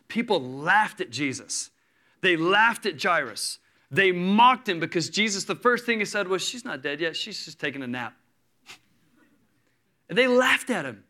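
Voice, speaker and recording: A man in his thirties preaching a sermon, telling a story with lively energy and acting out the people in it. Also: a little high. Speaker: pastor.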